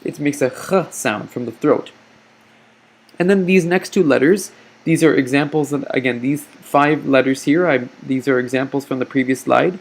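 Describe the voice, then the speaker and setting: A man teaching a recorded lesson over slides, patient and slow, often checking in with "okay?". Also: mid-range voice, vocal fry. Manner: patient, explains slowly, frequent "okay?" check-ins.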